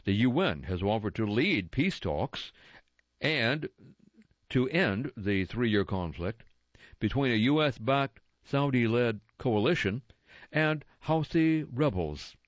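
A man reads a news magazine aloud at a slow, careful pace, describing the page layout and saying quote and unquote around each quotation. His pitch rises and falls widely as he reads. The recording is dry and a little dull. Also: animated, no echo. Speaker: magazine reader for listeners.

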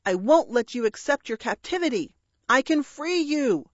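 A woman's voice: on the high side, sing-song, slow, no echo, dull audio. A woman voicing an earnest, bumbling young male dragon who speaks in a flustered, grandly heroic way in an audiobook reading.

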